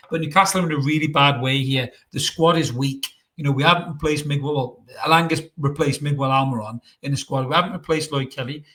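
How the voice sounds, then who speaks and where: A man with a fairly high-pitched voice vents straight to camera in a solo fan vlog. He sounds fed up and blunt, swears freely, and drives his points home by repeating them. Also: fairly bright tone. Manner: repetitive and emphatic. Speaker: football fan vlogger. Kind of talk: solo opinion rant to camera.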